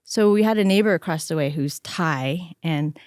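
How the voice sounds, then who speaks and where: Middle-aged woman guest, lively storyteller with a lower pitch, recorded close and dry. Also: moderate pace, dry recording. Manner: animated, acts out quoted voices. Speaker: interview guest. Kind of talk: conversational storytelling.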